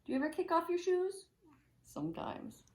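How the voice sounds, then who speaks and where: A woman teacher reading a picture book aloud at home, with lively, chatty asides for children. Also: very high-pitched, normal speed, reverberant. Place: home room.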